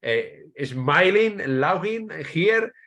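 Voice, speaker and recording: A man's voice: high voice, expressive, fairly bright tone. A man from Spain with a Spanish accent, a writer interviewed as a guest, speaking English as a second language with many restarts. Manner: halting, many restarts, searching for English words. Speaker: author, guest. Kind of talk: interview answers.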